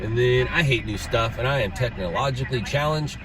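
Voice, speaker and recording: A man's voice: medium pitch, fairly quick, crowd noise. A man chatting and joking with viewers of his live stream as he drives, talking into his phone inside his car. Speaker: news videographer and livestreamer. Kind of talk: casual live-stream chat while driving. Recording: loud traffic noise behind.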